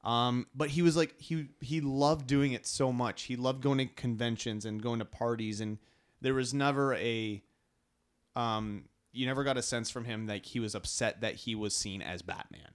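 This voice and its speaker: A man's voice: mid-range voice, steady tone, normal speed. A man co-hosting a casual chat, telling stories in an enthusiastic, rambling way. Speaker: podcast co-host.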